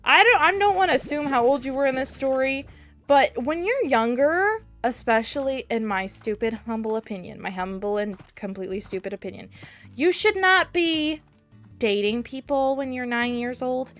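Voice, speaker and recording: A woman's voice: high voice, animated, normal speed, a bit bright, faint music behind. A young woman streaming a video game, chatting casually and rambling, with sudden squeals at the game. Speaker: VTuber streamer. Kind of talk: casual gameplay chat.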